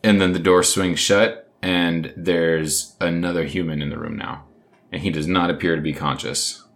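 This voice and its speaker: A man narrating a tabletop game as game master, in a casual, halting way with many restarts. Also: low-pitched, fairly even intonation, vocal fry, a bit bright.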